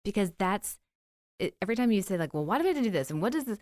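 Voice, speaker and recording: A woman's voice: mid-range voice, big pitch swings, racing, darkish tone, no room sound, clean studio sound. A woman co-hosting a podcast in casual chat, an encouraging and enthusiastic listener. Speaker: podcast co-host.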